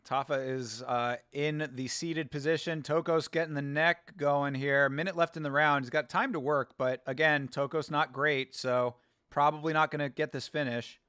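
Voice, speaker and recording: A man hosting a fight watch-along, giving casual, excitable reaction commentary. He yells at the fighters, laughs often and sits close to the mic. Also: fairly high pitch, normal speed, clear, resonant tone, no room sound.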